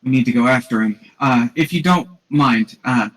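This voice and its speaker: A man voicing a brisk, apologetic woman agent in a tabletop game. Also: mid-range voice, fairly bright tone, far from the mic, lightly acted, poor audio. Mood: hurried.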